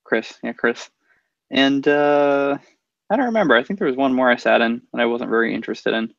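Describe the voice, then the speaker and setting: A man co-hosting a casual tech podcast, speaking haltingly with many fillers. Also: medium pitch, creaky, fairly bright tone, no echo. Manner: halting, full of fillers and restarts. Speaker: podcast co-host. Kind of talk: casual chat. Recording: dull, lo-fi dry sound.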